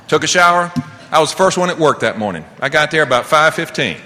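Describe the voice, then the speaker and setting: Middle-aged man, recovery-meeting speaker, lively swinging delivery, bright, forceful tone, rhetorical questions to the room. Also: fairly high pitch, fast. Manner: animated storyteller, asks the audience rhetorical questions. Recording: long reverb, faint background noise.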